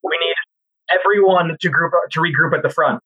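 A man's voice: fairly high pitch, lo-fi sound, lightly acted. A man voicing his character, an adult man who fakes being out of breath to trick a group of thugs. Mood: urgent bluff. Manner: hurried, mock out of breath. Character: adult man faking panic to fool thugs.

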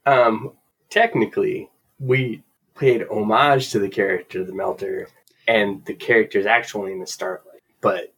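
Husky, rambling male podcast co-host. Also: on the low side, steady tone, a bit bright. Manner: rambling, halting, banters back. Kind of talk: casual comic book podcast chat.

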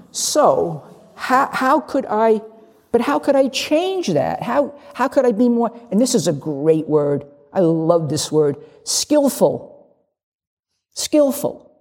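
Older woman, gravelly, in a reverberant hall. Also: mid-range voice, mellow. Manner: candid, humorous, acts out little dialogues. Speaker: lay Zen teacher. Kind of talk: dharma talk. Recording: long reverb of a large hall.

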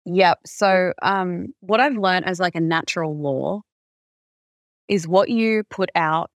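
A woman's voice: on the low side, takes it slowly, no echo. Woman telling work stories on a podcast, chatty, lots of "like", dead dry audio. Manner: animated storyteller, heavy use of "like". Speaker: recruitment company founder, guest. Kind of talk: conversational podcast interview.

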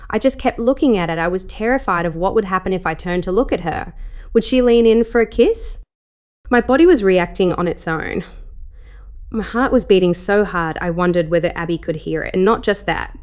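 A woman narrating a first-person erotic story in a soft, intimate delivery with breathless rises. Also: lowish voice.

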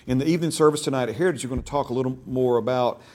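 A man's voice: medium pitch, very fast, darkish tone. A man teaching a church discipleship class, stressing key words and asking the class questions. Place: church classroom, also streamed online.

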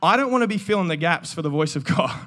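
A man, preaching an energetic sermon and joking with the congregation. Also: fairly high pitch, fast. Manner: animated, joking, calls out to the congregation. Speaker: pastor. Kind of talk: energetic sermon with audience banter.

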